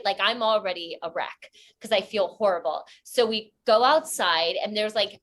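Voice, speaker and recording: A young woman telling a comic story in casual talk, animated and acting out quoted voices. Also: normal speed, few pauses. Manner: animated, acts out quoted voices with sudden high squeals. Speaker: storytelling guest.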